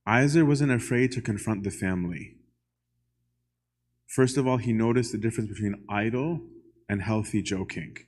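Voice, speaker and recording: A man's voice: lowish voice, normal speed, long pauses, a little mellow. A man giving a church lecture in a conversational way, often asking the audience "right?" and putting questions straight to them.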